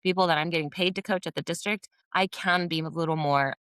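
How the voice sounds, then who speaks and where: Low-pitched woman coach on a podcast, candid and animated, dry close mic. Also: fast, smooth, no room sound. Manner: candid, animated, acts out teacher dialogue. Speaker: behavior coach and former dean of students. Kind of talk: podcast interview.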